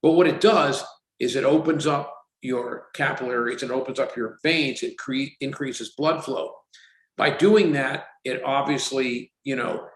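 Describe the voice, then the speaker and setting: 60s guy on a podcast, lively storyteller doing everyone's lines, echoey room. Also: medium pitch. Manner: animated storyteller, acts out quotes. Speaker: company CEO guest. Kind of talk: casual podcast interview. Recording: roomy echo.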